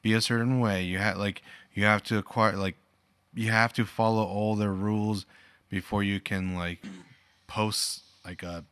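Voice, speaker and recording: A man co-hosting a casual podcast, talking earnestly and trailing off softly. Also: fairly low pitch, level tone, normal speed, smooth, no room sound. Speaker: podcast co-host. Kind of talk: casual chat.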